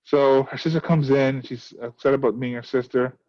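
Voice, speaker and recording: A man's voice: medium pitch, steady tone, fairly quick, muffled recording. A male teacher explaining a play to his class, asking many rhetorical questions. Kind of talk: recorded class lesson on a play.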